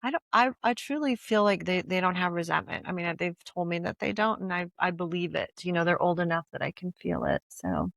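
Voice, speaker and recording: Animated older woman telling stories. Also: fairly low pitch, fairly quick, creaky, hardly any pauses, no room sound, studio quality. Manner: animated storytelling, frequent laughter and restarts. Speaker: guest. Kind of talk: casual conversation.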